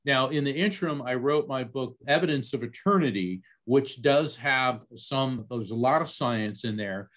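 Animated storytelling man from Central Florida. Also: normal speed, few pauses. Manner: animated storyteller, lively jumps in pitch on quoted lines. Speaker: guest psychic medium. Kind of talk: podcast interview storytelling.

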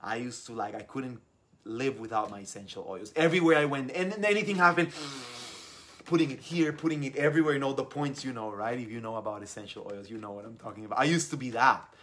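A young adult man hosting a live stream, reading out viewer comments and talking with effusive, enthusiastic warmth. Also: medium pitch, fast. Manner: enthusiastic, effusive, repeats words. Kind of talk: casual live stream talk.

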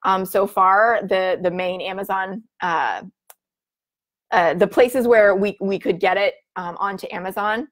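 A woman's voice: mid-range voice, a little slow. Bubbly chatty woman host. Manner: bubbly, chatty, filler-heavy. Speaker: livestream host reading viewer comments. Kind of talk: casual live-stream chat.

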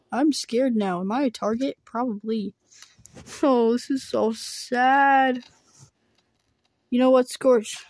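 Slow, high-voiced woman playing every character. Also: dry recording. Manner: switches between excited yelps and flat, deadpan asides. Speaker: storyteller voicing all characters. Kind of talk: playful homemade role-play story.

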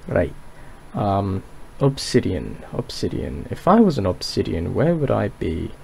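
In this Minecraft let's play, a gaming YouTuber talks in a low-ish, sing-song, creaky voice that's a little mellow and a little slow. He wanders off-topic, pokes fun at himself, and thinks out loud with a dry throat. A faint hiss or hum is present.

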